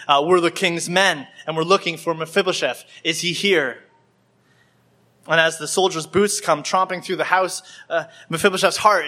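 Man preaching in church, bright forceful voice, slightly high, acts out scenes, repeats himself. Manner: acts out scenes with small shifts of voice, repeats words. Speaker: pastor. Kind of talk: sermon.

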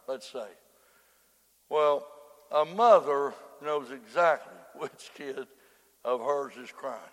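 A man preaching a hellfire sermon, dropping to hushed murmurs and then breaking into fervent shouts. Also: on the high side. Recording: long reverb of a large hall.

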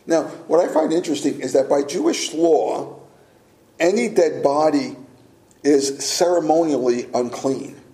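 A middle-aged man preaching a sermon as pastor, earnest and deliberate, with filler words. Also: fairly high pitch, expressive, mellow. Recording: echoey room.

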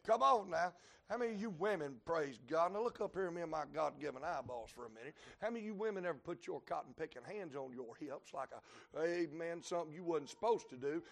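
A man, preaching a sermon to a congregation. He moves between quiet, folksy asides and shouted climaxes. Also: high voice, lively intonation, a little fast. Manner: folksy humor, plainspoken dialect. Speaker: traveling preacher. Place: church building before a congregation.

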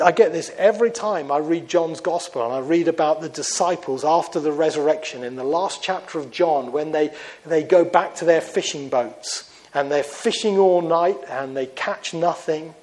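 A man preaching a sermon in a chapel, swinging from fervent raised emphasis to hushed, low tones. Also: moderate pace, poor audio.

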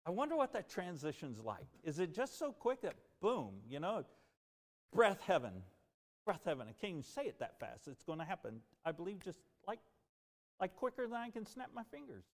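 A man's voice: high voice, a little fast. Earnest male pastor preaching in reverb. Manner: earnest, animated preaching that rises and drops. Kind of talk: sermon. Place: church sanctuary.

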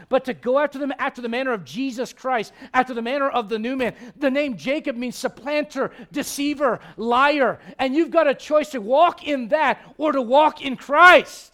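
A man in his forties preaching a sermon in a church, animated and joking with the congregation between Bible readings. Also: extremely high pitch, normal speed. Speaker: pastor.

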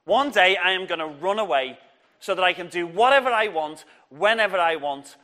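A man's voice: high voice, expressive, moderate pace, sharp tone. A man playing a grumpy young male servant who hates being told what to do, in a story told at church. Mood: daydreaming.

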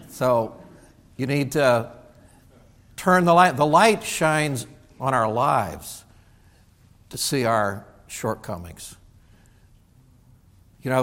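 A man preaching a sermon as pastor, telling folksy stories and acting out other people's lines, originally from Indiana. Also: medium pitch. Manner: folksy storytelling with animated quoted voices. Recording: church sanctuary with long reverb.

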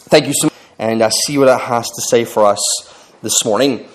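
A man reading scripture aloud in church at a steady pace, with small slips and restarts before the sermon begins. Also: medium pitch, brisk. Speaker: scripture reader.

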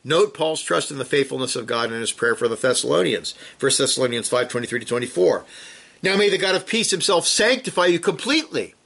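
A man's voice: medium pitch, animated, brisk, vocal fry, a bit bright, breathy edge. A man preaching a sermon, reading scripture aloud and urging listeners with pointed rhetorical questions. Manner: earnest, urgent exhortation with rhetorical questions; reads scripture quotations aloud with rising emphasis.

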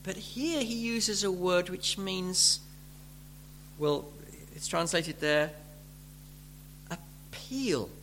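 A male preacher with a bright, high voice delivers a sermon at an unhurried pace. He explains gently, then rises into fervent, pleading emphasis. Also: slight background noise.

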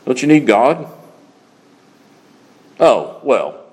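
A man's voice: mid-range voice, big pitch swings, very slow, a little mellow, slightly rough, big-room sound. A man preaching a sermon as pastor, emphatic and repeating key words for effect.

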